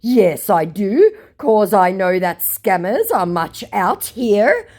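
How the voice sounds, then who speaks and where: A woman voicing a lovesick, pleading adult male scammer in a whiny, drawn-out voice with broken English. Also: mid-range voice, very animated, darkish tone, pitched above the performer's own voice. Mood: plaintive.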